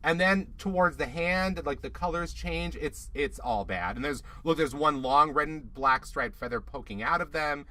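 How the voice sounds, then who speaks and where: A man co-hosting a casual recap show, chatty and snarky, breaking into quick mocking asides. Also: on the high side, lively intonation, bright, forceful tone. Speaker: podcast co-host.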